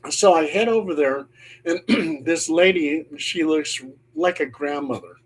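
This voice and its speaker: Man, middle-aged, paranormal investigator, animated storyteller, slow delivery, slightly high voice. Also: slight background noise. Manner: animated storyteller acting out quotes. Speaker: paranormal investigator and show host. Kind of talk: storytelling on a panel call.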